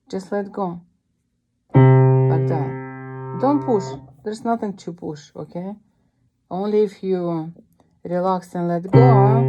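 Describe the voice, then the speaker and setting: A woman's voice: mid-range voice, muffled recording. A Russian-accented woman teaching piano to a young child, encouraging her with vivid imagery and sing-song cues.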